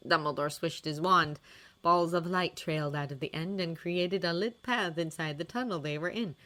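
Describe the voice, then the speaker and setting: A woman narrating a fan fiction audiobook with expressive, dramatic storytelling. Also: fairly low pitch, moderate pace.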